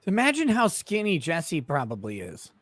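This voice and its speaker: A man's voice: fairly high pitch, wildly swooping pitch, normal speed, a bit bright, no room sound. A man hosting a livestream talk show, wry and steering the conversation. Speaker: host.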